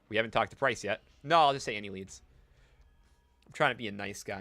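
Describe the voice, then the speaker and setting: A man's voice: on the low side, big pitch swings, fast, pushed and bright. A man streaming a retro game live, reading its dialogue aloud and making casual, wry asides to his chat.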